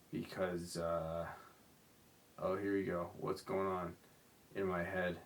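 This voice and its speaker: A man's voice: low-pitched, steady tone, slow pace, creaky. A young man hosting a rambling solo podcast, drunk and sleepy, slurring and apologizing as he talks. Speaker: podcast host.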